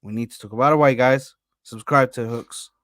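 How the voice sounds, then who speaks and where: A man hosting a live football reaction panel, animated and talking over the others with lots of "bro". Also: mid-range voice, a little fast, dry recording, studio quality. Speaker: host of an Arsenal reaction stream. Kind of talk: casual live panel chat.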